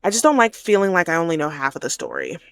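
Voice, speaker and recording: A woman voicing an upset young woman character in a life-sim game, speaking softly and hurt. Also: on the low side, wildly swooping pitch, quick pace, exaggerated voice.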